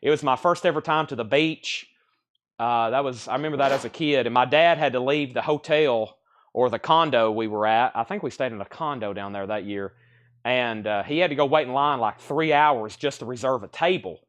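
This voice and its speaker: A man's voice: mid-range voice, moderate pace. A man hosting a live stream, chatting and rattling off record titles and prices. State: out of breath. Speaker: live sale host. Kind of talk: live-stream sales patter.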